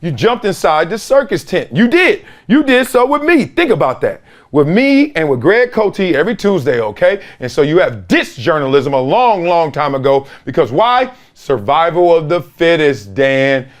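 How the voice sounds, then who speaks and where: A middle-aged sports talk show host who once played in the NFL tells stories in an emphatic monologue, imitating the voices of people he describes. His voice is on the high side and sing-song, at a moderate pace with few pauses.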